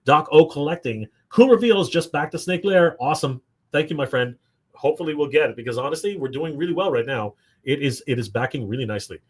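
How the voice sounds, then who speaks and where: Hosting a toy livestream from Canada, this man speaks quickly in a slightly high, expressive, somewhat rough voice. He stays upbeat, reads out viewers' comments, and chats casually with frequent fillers.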